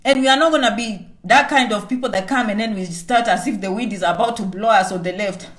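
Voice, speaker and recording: A Kenyan woman vlogger with a medium-pitched voice talks fairly quickly with few pauses in an emphatic motivational livestream chat. Repetitive and forceful, she often refers to herself in the third person and keeps asking "okay?"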